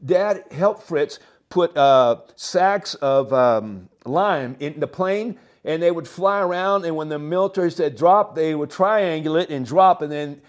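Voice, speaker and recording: An older man, telling a long story as a guest, animated and halting, with frequent chuckles. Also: a little high. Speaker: interview guest. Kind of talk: rambling storytelling.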